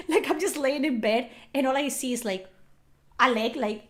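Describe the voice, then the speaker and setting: A young woman chatting casually on a livestream, animated and swearing often, with lots of "like" fillers. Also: sits high, a little slow. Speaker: streamer.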